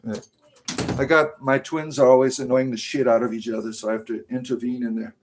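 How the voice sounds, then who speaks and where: A middle-aged man hosting a casual livestream from home, answering chat in a blunt, profane, sarcastic way and sometimes drawing words out in a slow, mock-grand tone. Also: mid-range voice, little pitch movement, background noise. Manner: slow drawn-out mock-grand delivery at times.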